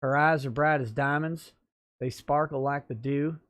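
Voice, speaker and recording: A man's voice: a little high, fairly even intonation, moderate pace, fairly bright tone, close to an everyday voice. A man reciting an old Texas song in a put-on Texan accent. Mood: sing-song.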